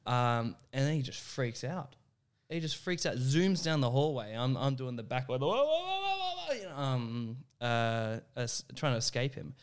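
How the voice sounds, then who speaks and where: A man telling a comic story in a relaxed chat. He talks at an even middle pitch and animates the tale, jumping into little voices for the people in it. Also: measured pace, clean tone. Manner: animated, acts out voices in anecdotes. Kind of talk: casual storytelling.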